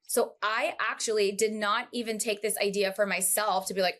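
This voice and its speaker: Brief: woman guest in a casual interview, animated storyteller with lots of asides, mid pitch. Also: moderate pace. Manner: animated, chatty, full of asides. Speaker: podcast guest, entrepreneur.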